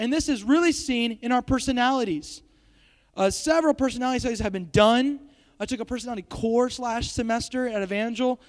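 High-voiced young man preaching to youth. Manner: joking, chatty, self-deprecating. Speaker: youth speaker. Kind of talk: youth sermon. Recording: hall reverb.

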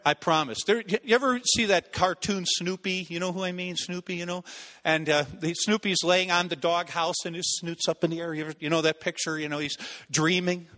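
A male pastor with a high, bright, ringing voice delivers a brisk sermon built around a personal story. His telling is lively and animated, sometimes acting out the people involved, and a long reverb suggests a large sanctuary.

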